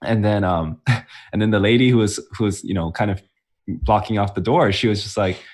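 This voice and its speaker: A man's voice: fairly low pitch, normal speed, darkish tone. A young man co-hosting a casual podcast chat, telling a story and laughing often. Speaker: podcast co-host.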